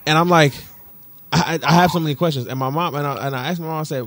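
Man from detroit, podcast co-host, animated storytelling, profane, repeats himself. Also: fairly high pitch, fast. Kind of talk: casual chat.

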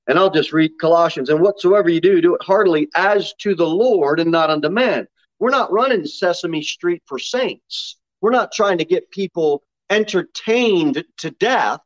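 Animated preaching man, lo-fi sound. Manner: animated, preaching with sharp rises in pitch. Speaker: pastor. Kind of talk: sermon. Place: church sanctuary.

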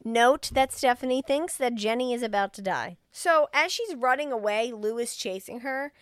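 A woman's voice: fairly high pitch, expressive, moderate pace, no echo. Profane woman retelling a movie in a dry room. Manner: profane, acts out the characters' lines. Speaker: podcast co-host explaining a film. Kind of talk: casual chat, retelling a movie plot.

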